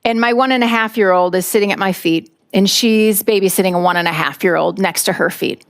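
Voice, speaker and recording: A woman, around her forties, from the United States, telling a personal story in a talk with lively acted-out moments. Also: medium pitch, fairly quick. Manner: lively storyteller, acts out voices. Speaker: speaker.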